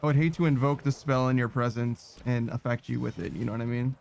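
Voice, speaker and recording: A man's voice: medium pitch, steady tone, fast, vocal fry, a little mellow, slight background noise. A man giving let's-play commentary in a sardonic, profane, rambling way. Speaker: gaming streamer.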